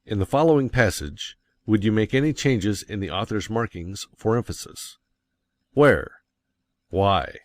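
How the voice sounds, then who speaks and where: A man reading an audiobook aloud in a measured, deliberate way, stressing key words. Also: fairly low pitch, no room sound. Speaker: audiobook reader. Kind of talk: scripted audiobook narration.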